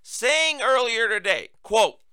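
A man's voice: extremely high pitch, expressive, takes it slowly, bright, forceful tone, clean tone, no echo, studio quality. A male talk show host giving political commentary in a sarcastic, emphatic, mocking way.

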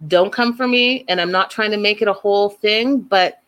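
A woman with a medium-pitched, fairly bright, smooth voice recaps a reality show at a moderate pace. She's emphatic and blunt, giving opinionated commentary straight to "you guys," her viewers.

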